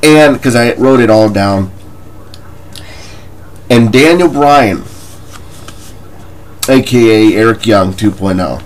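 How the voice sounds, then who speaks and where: A man's voice: fairly low pitch, expressive, slow pace, long pauses, poor audio. A man ranting in a wrestling commentary vlog, profane, combative and mocking, with scoffing laughs between points.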